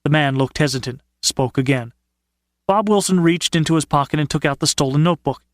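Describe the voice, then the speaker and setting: A man narrating an audiobook in a measured, steady storytelling manner. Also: fairly high pitch, no room sound, studio quality. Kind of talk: scripted narration.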